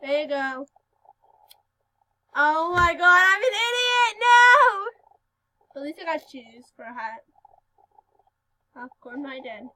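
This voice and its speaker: Very high, giggly female voice. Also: slow, pauses often, low-quality recording. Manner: giggly and excitable, with sudden loud outbursts. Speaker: gaming video host. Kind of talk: casual gameplay commentary.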